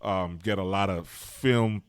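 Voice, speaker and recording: A man's voice: low-pitched, slow, clean tone, no echo. A man co-hosting a podcast, chatting eagerly about a film, repeating words and correcting himself mid-sentence. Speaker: podcast co-host. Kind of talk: casual film discussion.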